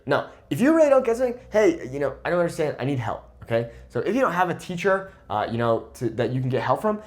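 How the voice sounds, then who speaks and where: A man's voice: fairly high pitch, a little fast. A man in his twenties, a Spanish teacher, talking casually to camera and often checking in with "okay?". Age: 20s. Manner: lively, emphatic, repeats "okay?" to check in. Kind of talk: casual talking-head lesson.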